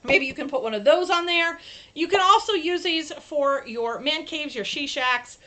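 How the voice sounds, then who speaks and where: A woman's voice: sits high, lively intonation, moderate pace, sharp tone. A woman hosting a casual crafting livestream, chatting to viewers while she demonstrates her projects. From New York State.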